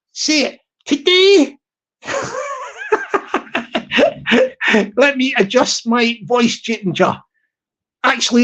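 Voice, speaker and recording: A man with a high-pitched voice hosts a motivational pep talk. He rambles from one thought to the next and often stumbles and restarts his sentences. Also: rough recording. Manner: rambling, with many restarts and laughs. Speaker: podcast host.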